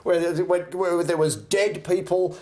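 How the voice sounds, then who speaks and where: A man hosting a comedy show, retelling stories with excitable, laughing asides on a club stage. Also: sits high, unhurried. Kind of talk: stand-up comedy banter. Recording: echoey live room.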